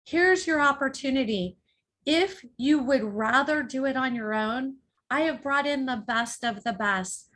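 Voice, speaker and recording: A woman hosts a webinar over a video call, speaking in a fairly high voice. She delivers scripted instructions slowly and emphatically, one point at a time. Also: fairly bright tone. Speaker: webinar host and college consultant.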